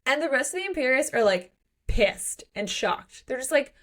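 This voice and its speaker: A woman co-hosting a casual book podcast, lively, acting out characters' lines and swearing casually. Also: high voice, moderate pace. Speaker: podcast co-host.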